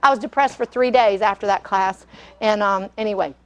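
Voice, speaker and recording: A woman's voice: medium pitch, brisk, a bit bright. A middle-aged woman, teaching a live cooking class and telling stories, chatty with frequent laughter and fillers.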